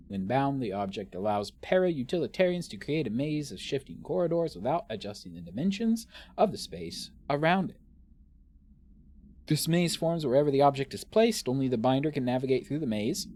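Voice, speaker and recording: A man's voice: medium pitch, very animated, moderate pace, darkish tone. A man streaming a game live, joking animatedly and reading game text aloud. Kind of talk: live let's play commentary.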